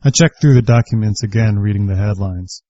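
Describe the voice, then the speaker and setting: A man narrates a first-person story with a warm, mellow voice. His delivery is reflective and wry. The recording is dry and a bit dull. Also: fairly low pitch, fairly quick, no echo.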